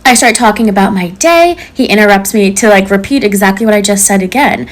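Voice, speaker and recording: A woman with a high-pitched voice casually telling a story in a chatty way. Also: a little fast. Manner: chatty, laughs between sentences.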